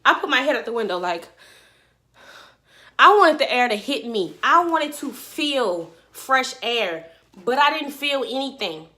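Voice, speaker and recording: A young woman vlogger telling a story to her viewers in an animated, slangy way. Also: on the high side. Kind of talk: storytime vlog.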